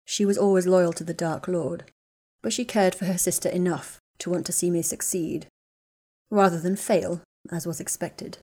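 Woman narrating in a low-ish voice. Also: fairly even intonation, normal speed, mellow. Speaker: audiobook reader. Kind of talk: scripted narration of fan fiction.

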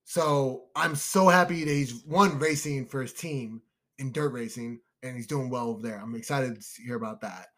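A young man co-hosting a casual podcast chat, excitable and emotional, calling his listeners "y'all". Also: mid-range voice, moderate pace. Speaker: podcast co-host.

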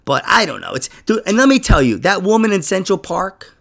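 A man's voice: high-pitched, very animated, fairly quick, gravelly, fairly bright tone. A young adult man hosting a podcast in casual chat, rambling and swearing, trailing off and laughing often. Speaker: podcast host.

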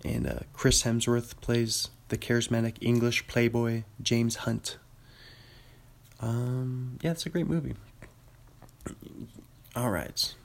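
Gravelly man rambling about movies. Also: mid-range voice, flat delivery, slow, pauses often. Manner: rambling, self-correcting, chuckling. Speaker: podcast host. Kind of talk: casual movie chat.

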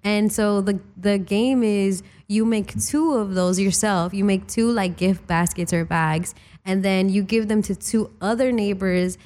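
A woman's voice: medium pitch, steady tone, measured pace, hardly any pauses, a little mellow. Chatty young woman hosting a podcast. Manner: chatty, laughs often, lots of fillers. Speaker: podcast host. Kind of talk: casual chat.

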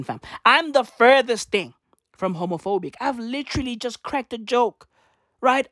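Guy going off on a sweary rambling rant, kinda high voice, dry close sound. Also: dry recording. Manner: rambling, repetitive, keeps saying bruv and right; swears heavily, mock-swaggering. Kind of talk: profane comic rant monologue.

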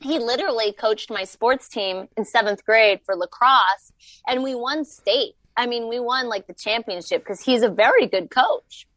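A woman's voice: on the high side, normal speed, a bit bright, no echo. Rambling, chatty woman in a dry room. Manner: rambling storytelling with many fillers. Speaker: guest. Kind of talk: casual podcast chat.

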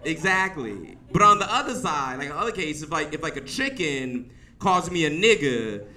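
A man doing a stand-up set on a club stage, animated and laughing through his punchlines. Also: a little high, moderate pace. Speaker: stand-up comedian. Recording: live club mic, distant with crowd laughter. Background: audience laughing.

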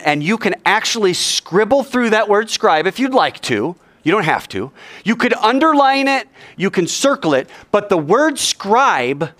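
A man preaching a sermon in a lively, joking way, acting out quoted voices. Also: sits high. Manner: animated, jokey, acts out quoted voices. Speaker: pastor.

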